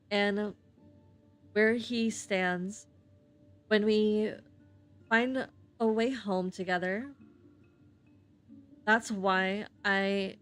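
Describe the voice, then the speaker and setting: Woman streamer, slow halting read-aloud of game text, lots of slips and restarts. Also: mid-range voice, clear, resonant tone. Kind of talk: reading game narration on stream.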